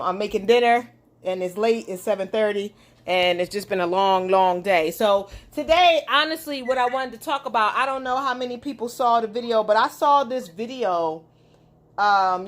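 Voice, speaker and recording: A young woman hosting a casual podcast from her home kitchen while cooking, talking straight to her listeners in an animated, indignant way. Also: mid-range voice, normal speed. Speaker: podcast host.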